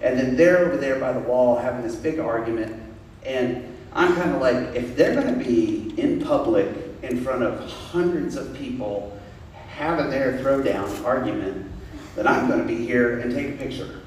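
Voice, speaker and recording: Man, storyteller, animated, laughing, far from mic, heavy room echo. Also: mid-range voice, slight background noise. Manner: animated anecdote, laughing through it. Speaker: street photographer. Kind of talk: storytelling to an audience.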